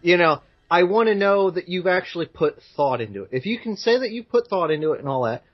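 A man's voice: sits high, expressive, fairly quick, muffled recording. A man co-hosting a casual podcast, giving his views with many "you know" fillers. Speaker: podcast co-host. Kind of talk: casual chat.

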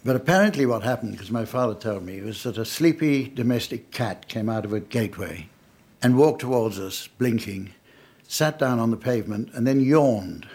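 A man's voice: mid-range voice, a little mellow, slightly rough. An older man from England telling family anecdotes to an audience in a dry, wry, understated way. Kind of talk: anecdotal storytelling talk.

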